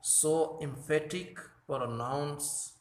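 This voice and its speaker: A man teaching a grammar lesson from slides, speaking deliberately and correcting his own slips. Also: fairly high pitch, reverberant. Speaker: English teacher.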